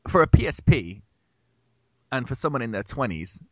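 A young man co-hosting a podcast, telling an animated, swearing story in casual chat. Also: mid-range voice, normal speed, no room sound. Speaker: podcast co-host.

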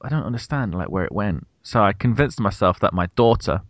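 A young man co-hosting a podcast, telling an animated, swearing story in casual chat. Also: lowish voice, a little fast, dry recording. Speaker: podcast co-host.

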